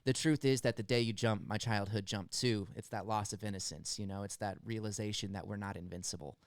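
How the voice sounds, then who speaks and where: A young man from the United States hosting a music reaction, talking in an earnest, halting way and near tears as he breaks down a song. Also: lowish voice, steady tone, dry recording. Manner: earnest, halting, stumbles over words. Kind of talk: emotional song analysis.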